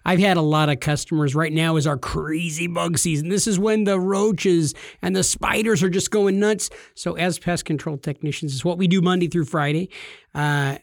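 Podcast co-host, male, fairly high voice, jokey storyteller, dry close mic. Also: steady tone, moderate pace, gravelly, no echo. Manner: jokey storyteller, acts out quoted people. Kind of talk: casual podcast chat.

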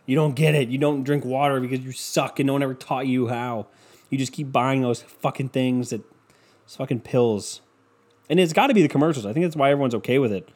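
Young male podcaster, solo rant, sarcastic, swears a lot, rambling, mid pitch. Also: darkish tone. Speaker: podcast host.

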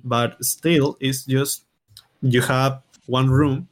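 A man, a game developer, explaining his coding work slowly and haltingly in a casual interview. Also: medium pitch, steady tone.

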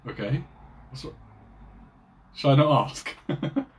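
A man's voice: mid-range voice, animated, measured pace. A man, co-hosting a podcast in a casual, jokey chat and laughing often. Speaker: podcast co-host.

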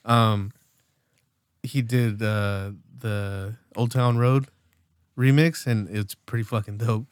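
A man's voice: fairly low pitch, fairly even intonation, takes it slowly, clear, resonant tone, dry recording, studio quality. A man in his late twenties co-hosting a podcast, rambling casually with lots of fillers and swearing. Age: late 20s. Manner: rambling, loose, profane, many fillers. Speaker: podcast co-host.

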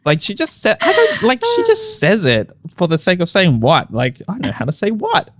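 Lively dad, animated chat. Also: male voice, high voice, normal speed, no echo, clean studio sound. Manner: lively, laughing, mimics his daughter. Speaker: podcast co-host, father. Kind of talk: casual chat.

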